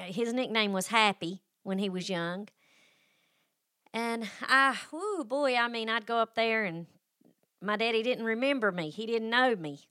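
A woman's voice: mid-range voice, fairly bright tone, dry recording, clean studio sound. A middle-aged woman who hosts a faith podcast and tells a personal story in a folksy, emotional way, with sighs and restarts. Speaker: podcast host.

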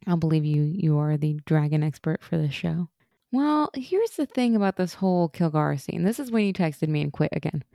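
Female podcast co-host, chatty recap voice, mellow, dry close sound. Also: deep voice, expressive, normal speed, vocal fry, no echo. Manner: chatty, laughs often. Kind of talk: casual recap chat.

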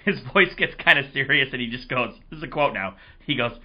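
A man hosting a casual sports podcast, his voice hoarse, telling rambling, excitable stories. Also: medium pitch, brisk, muffled recording. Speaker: podcast host.

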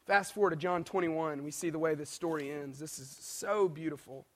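High-voiced guy preaching, tells the story big, does little voices for people, gets quiet then loud. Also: normal speed. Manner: animated storyteller, voices quoted characters, swings between soft and emphatic. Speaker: pastor. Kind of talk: sermon.

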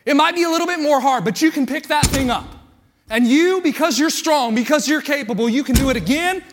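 High-voiced preacher, winded and earnest. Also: male voice, animated, brisk, a little hiss or hum. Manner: earnest, building, repetitive preaching cadence. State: out of breath. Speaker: pastor. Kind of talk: sermon with a live weightlifting illustration.

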